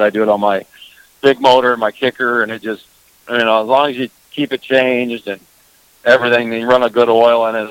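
A man's voice: medium pitch, no echo. Rambling man on dull lo-fi radio. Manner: rambling, heavy on "you know" fillers. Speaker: fishing guest. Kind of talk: casual radio chat.

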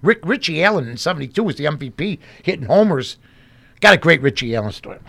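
A man's voice: a little high, sing-song, fast talker, vocal fry, sharp tone. A man from Chicago, a guest in a casual chat, telling rambling stories full of "you know, I mean" asides.

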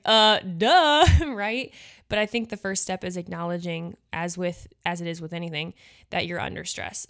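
A young woman from the Midwest hosting a podcast, talking casually and chattily with lots of fillers and asides. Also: lowish voice. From Nebraska. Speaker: podcast host and pageant coach. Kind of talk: casual solo podcast talk.

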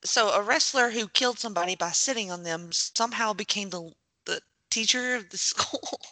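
A woman co-hosting a podcast, chatting casually during a movie watch-along, playful with quick reactions and frequent laughter. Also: medium pitch, sharp tone, no room sound. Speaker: podcast co-host.

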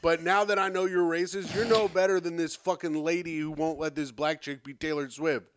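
A man's voice: fairly high pitch, steady tone, a little fast, clear, resonant tone. A young adult man co-hosting a comedy podcast, delivering crude mock eulogies. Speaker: podcast co-host. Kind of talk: profane comedy podcast banter.

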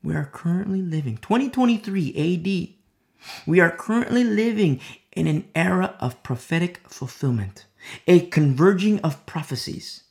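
A man preaching a verse-by-verse sermon, repeating phrases with urgent appeals and dropping to soft whispers at times. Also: high-pitched, expressive, moderate pace, creaky. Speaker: preacher teaching a Bible study.

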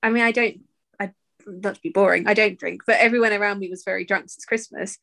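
A woman from the UK co-hosting a podcast, telling stories in casual chat with animated asides. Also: medium pitch, vocal fry. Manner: animated storyteller, quick asides. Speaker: podcast co-host.

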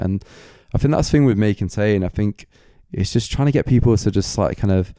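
A man's voice: fairly low pitch, quick pace, few pauses, dark tone, no room sound, studio quality. A man hosting a solo Q&A podcast late at night, his voice going a bit, rambling with lots of filler words like "kind of" and "like". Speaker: podcast host.

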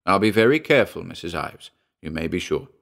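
A man voicing a kindly, practical doctor who speaks in a soothing, measured way. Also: medium pitch, big pitch swings, fairly bright tone. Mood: reassuring.

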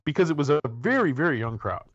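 Fast and sing-song, this fairly high-pitched, fairly bright voice comes from a man in his forties hosting an interview podcast. He rambles, jokes, and restarts frequently in casual conversation, and the audio is dull with no room sound.

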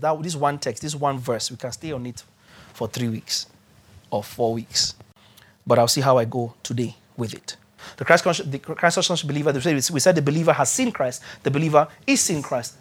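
A man preaching a sermon, repeating key words for emphasis and spelling out terms slowly. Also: fairly high pitch, husky.

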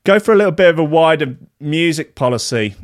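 A man's voice: fairly high pitch, lively intonation, brisk, no echo, studio quality. A man hosting a casual drinking chat show, rambling and swearing with a self-mocking tone and frequent restarts.

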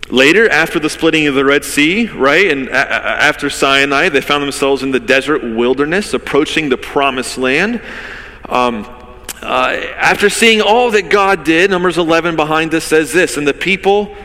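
A man's voice: a little high, pushed and bright. A man, a pastor, giving a conversational sermon with vivid storytelling and rhetorical questions. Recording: long reverb of a large hall.

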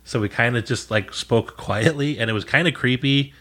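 A man's voice: mid-range voice, moderate pace, a bit bright. A man telling a casual story in a chat, blunt and profane. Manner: blunt, profane, laid-back.

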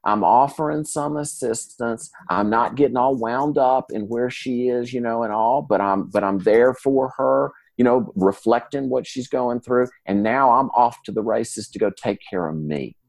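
A man with a drawl tells his stories in a folksy, animated way. His voice sits in a middle register and comes across dry and close, with no room around it. He talks like a guest in a relaxed interview. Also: mid-range voice, normal speed, vocal fry, few pauses, dry recording. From Mississippi, US. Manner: folksy, animated storyteller who acts out dialogue. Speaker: guest in recovery. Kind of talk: casual storytelling interview.

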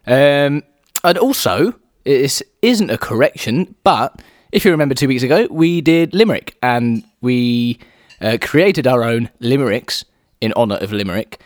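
Male podcast co-host, animated pitch, dry close sound, chatty and giggly. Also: measured pace, no room sound. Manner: chatty, laughs often, lively. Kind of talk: casual chat.

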